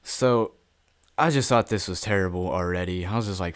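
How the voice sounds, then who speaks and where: A man's voice: low-pitched, moderate pace, smooth. A young man telling a story to camera in a casual vlog, blunt and full of swearing. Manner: profane, blunt and offhand. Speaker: YouTuber.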